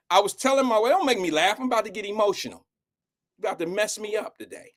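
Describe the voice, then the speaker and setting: A middle-aged man with a fairly high voice hosts a live stream. He chats loosely, rambling and slangy, drifting in and out of an emotional story. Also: expressive, quick pace, fairly bright tone. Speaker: live show host. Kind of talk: casual live-stream talk.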